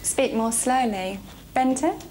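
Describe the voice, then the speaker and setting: A middle-aged woman teaching an adult class, speaking clearly and slowing down to model phrases for her students. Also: fairly high pitch, lively intonation, a little mellow, a little hiss or hum. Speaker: English teacher.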